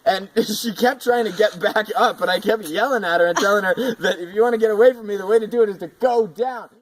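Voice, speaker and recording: A man casually telling a tree-climbing cat rescue story, animated and often laughing as he speaks. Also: high-pitched, a little fast, low-quality recording.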